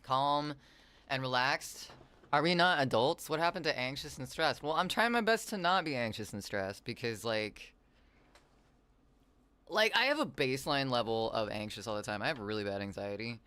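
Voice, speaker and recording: A man's voice: mid-range voice, animated, moderate pace, bright, forceful tone, smooth, no echo. A man rambling on a casual livestream from home, reading chat messages aloud into a desk microphone, his voice slightly raw. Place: home, with cats nearby.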